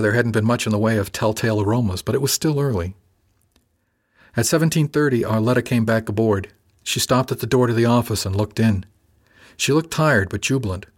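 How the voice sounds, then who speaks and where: A man narrating a story in the first person, in a calm, dryly witty manner. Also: lowish voice. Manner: calm, dry wit. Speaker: audiobook narrator.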